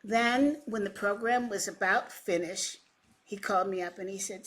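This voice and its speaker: A woman's voice: medium pitch, normal speed. A middle-aged woman in an interview, telling a story about founding a coaching association and acting out both sides of old conversations, with a dry, teasing sarcasm. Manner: animated storyteller who acts out both sides of past conversations.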